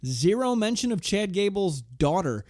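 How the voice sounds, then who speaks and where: A man's voice: high voice, sing-song, moderate pace, darkish tone, no room sound. A man co-hosting a podcast, chatting casually in an easygoing, agreeable way with dry jokey asides. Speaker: podcast co-host. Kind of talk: casual podcast chat about wrestling.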